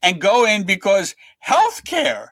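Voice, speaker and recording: A middle-aged man, a comic book writer guest, telling anecdotes in a lively way and acting out the lines of the people in them. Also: sits high, slow, creaky, breathy edge, dry recording. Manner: lively storyteller who acts out other people's lines.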